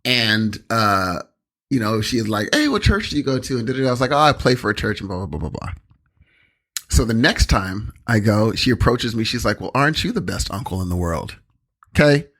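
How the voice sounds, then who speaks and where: Here a young man with a lowish, expressive, somewhat bright voice co-hosts a podcast at a brisk clip. His casual talk drifts through rambling tales, loaded with fillers and imitated lines from others.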